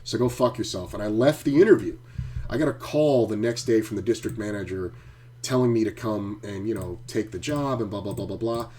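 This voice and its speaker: Streaming poker from his home, this middle-aged man speaks briskly in a dark-toned voice on the low side. His casual live-stream chatter turns into ranting stories packed with swearing.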